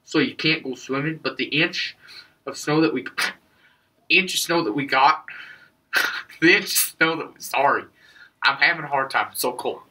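A young man plays a bumbling local being stopped on the street for a mock news interview. He rambles and trips over his words, and his voice is bright and a little high. It sounds as if he is standing some distance from the mic. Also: normal speed, long pauses. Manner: rambling, stumbling over words, breaking into laughs. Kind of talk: improvised comedy sketch.

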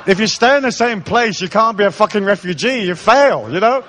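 A man's voice: sits high, lively intonation, fairly quick, few pauses, a bit bright. A man giving a live spiritual lecture, irreverent, joking and profane. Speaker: spiritual speaker.

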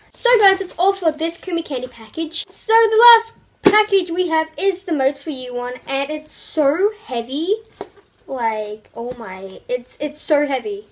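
A young woman vlogger unboxing products in an excitable, gushing way, full of exclamations. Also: sits high, poor audio.

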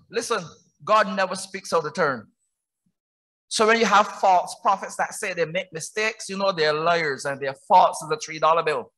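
A man with a Barbadian accent preaches in a church. His voice sits very high and rings bright and forceful. He presses his point with one rhetorical question after another, rising to shouts. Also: a little fast. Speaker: pastor. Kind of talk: sermon.

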